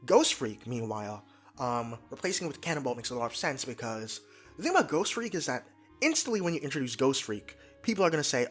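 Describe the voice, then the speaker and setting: Eager young male commentator, rambling and animated, occasional stutters, faint music bed. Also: mid-range voice. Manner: energetic, fast, stumbles and restarts when excited. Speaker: YouTube commentator. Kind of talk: excited casual commentary.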